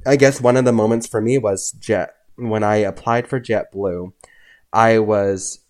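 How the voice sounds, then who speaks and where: A young man, a podcast guest, telling personal stories in a casual, animated way, often acting out what others said. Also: on the low side, unhurried. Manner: animated, acts out voices in his anecdotes. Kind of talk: casual storytelling.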